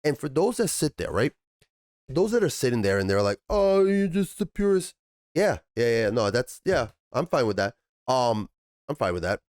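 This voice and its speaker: A man hosting a TV review channel, ranting in an animated, profane way and jumping up into high, exasperated bursts. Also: normal speed, no echo, clean studio sound.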